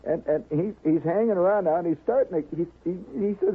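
A man's voice: sits high, brisk, few pauses, slightly rough. A man telling a long comic story in a rambling way, peppered with "you know" and "see?", as a radio storyteller. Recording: tinny old radio broadcast.

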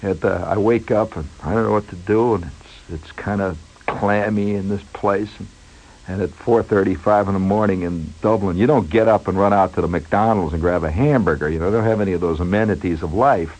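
A man's voice: low voice, a little fast, darkish tone, rough recording. A man telling a rambling, wry story in a monologue, digressing often and chuckling as he goes.

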